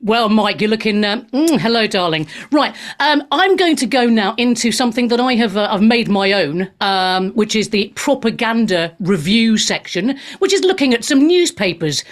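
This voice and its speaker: A woman's voice: a little high, lively intonation, normal speed, few pauses. A woman hosting a radio talk show, chatty and cheeky, laughing often and tossing off jokes. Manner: bubbly, jokey, cheeky asides, laughs often.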